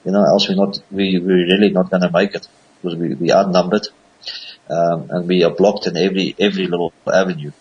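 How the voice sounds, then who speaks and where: A man from Africa, a guest on a radio interview who talks hesitantly with many filler pauses. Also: low voice, level tone, a little mellow, husky, highs cut off. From South Africa.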